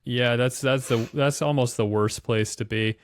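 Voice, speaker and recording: A man's voice: medium pitch, fairly even intonation, a little slow, smooth, dry recording, studio quality. A man hosting a podcast, talking reflectively in long musing runs. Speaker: podcast host. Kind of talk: casual chat.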